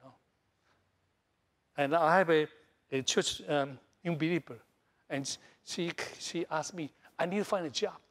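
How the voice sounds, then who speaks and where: A middle-aged man from Taiwan, a Taiwanese native speaker, preaching a sermon in broken English full of repeats and fillers, swinging between loud high bursts and soft low lines. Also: a little slow, long pauses. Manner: animated, jumps between loud highs and soft lows. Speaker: pastor.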